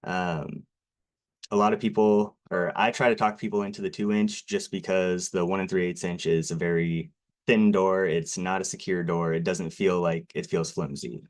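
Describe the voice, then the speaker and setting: A man with a strikingly low voice gives a sales presentation on local TV. He talks nervously and apologetically, and fillers crowd his sentences. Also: steady tone, moderate pace. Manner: nervous, self-deprecating, many fillers. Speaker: garage door company presenter.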